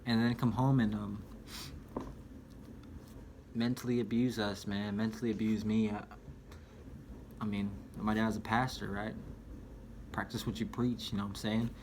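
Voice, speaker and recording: A young man rambles through a casual book review, chatty and loose, calling the viewer dude and man. His voice sits low, with a faint hum of room noise in the background. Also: level tone, normal speed, pauses often, darkish tone.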